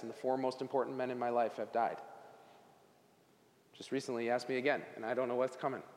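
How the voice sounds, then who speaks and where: A man giving a personal testimony at a worship service, in animated, conversational storytelling. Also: medium pitch. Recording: long hall reverb.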